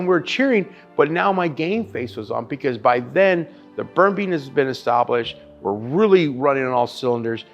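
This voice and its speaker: Brief: thirties male chef, animated, swears freely, mid-pitched, soft music under. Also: moderate pace, muffled recording. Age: 30s. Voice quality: profane, animated storyteller. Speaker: barbecue chef. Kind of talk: casual interview storytelling.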